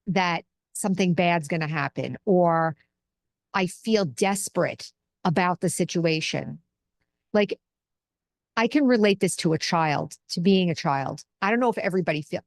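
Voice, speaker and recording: A middle-aged woman with a lowish voice hosts a casual spiritual talk, teaching earnestly and conversationally while drawing on personal examples.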